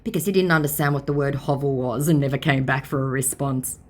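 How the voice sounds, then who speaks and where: A woman's voice: very deep voice, fairly even intonation, fast talker. A woman scam baiter reading chat messages aloud with sarcastic, teasing commentary.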